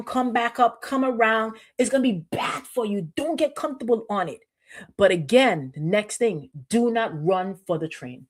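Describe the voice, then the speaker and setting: Middle-aged woman pastor, New York accent, fairly high voice, chatty preaching full of repeats. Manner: repetitive, conversational preaching with frequent restarts. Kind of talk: sermon.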